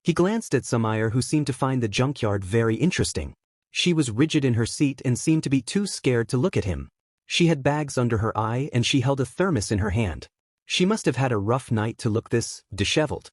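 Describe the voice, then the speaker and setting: A man reading a fan fiction story aloud in a steady, plain manner. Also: mid-range voice, brisk, no room sound, studio quality. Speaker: narrator.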